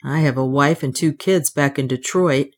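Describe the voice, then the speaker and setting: A woman's voice: a bass voice, normal speed. A woman voicing a weary, bitter male worker thinking of home in a storybook reading. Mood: wistful.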